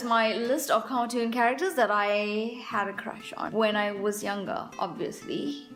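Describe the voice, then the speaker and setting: A woman's voice: fairly high pitch, unhurried, few pauses, fairly bright tone, soft background music. A young adult woman vlogger talking in a playful, self-mocking, chatty way. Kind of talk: casual comic vlog. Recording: echoey room sound.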